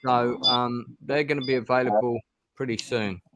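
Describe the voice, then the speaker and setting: Heavy background noise sits behind this middle-aged man's mid-range, fairly even voice, which moves at a normal speed. He's a stream host playing a gamebook, talking casually in a rambling way full of ums and false starts.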